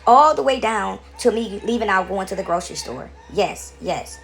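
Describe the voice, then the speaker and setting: A woman's voice: mid-range voice, expressive, moderate pace, creaky, soft background music. A woman telling a long, rambling story to her camera from her couch at home, repeating words and checking in with "right?" as she goes. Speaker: vlogger.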